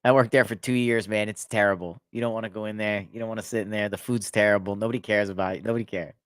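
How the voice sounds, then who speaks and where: A man telling stories about his past work in a casual chat, animated and laughing often. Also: fast talker, smooth, no echo. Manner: animated, laughs often, acts out inmates in a loud high voice. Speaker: podcast guest. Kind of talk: casual storytelling.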